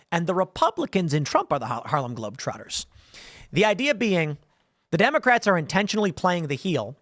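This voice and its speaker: A man's voice: high-pitched, fairly bright tone, no room sound, studio quality. A man hosting a livestream show, rambling through viewer comments and joking asides in a casual way. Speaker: host.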